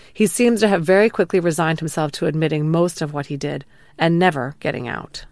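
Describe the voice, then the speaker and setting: Woman, low voice, dry close recording, calm scripted true crime narration. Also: dry recording. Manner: calm, measured retelling of an interrogation, quoting lines plainly. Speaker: true crime podcast host.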